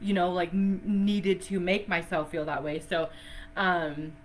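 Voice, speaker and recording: A woman's voice: lowish voice, flat delivery, a little slow, a little hiss or hum. Chatty, effusive woman breathwork teacher. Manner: chatty and effusive, with frequent laughs and fillers. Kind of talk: casual live-stream teaching.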